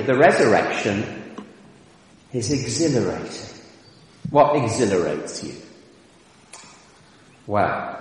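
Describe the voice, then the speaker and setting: Animated preacher man in an echoey hall. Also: lowish voice. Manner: animated, rises to exclamations. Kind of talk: sermon.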